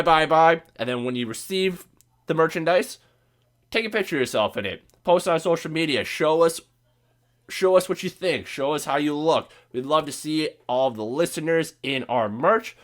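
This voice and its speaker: A man's voice: on the high side, fairly bright tone. A man with a Midwestern American accent hosting a podcast, sick and voice cracking, ranting casually about sports with profanity and sarcasm. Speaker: podcast host.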